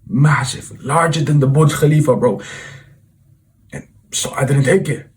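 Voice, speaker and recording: A man's voice: mid-range voice, a little slow. Casual young man addressing viewers. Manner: informal, peppers talk with "bro", reflective and earnest. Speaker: self-improvement vlogger and coach. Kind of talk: casual storytelling monologue to camera.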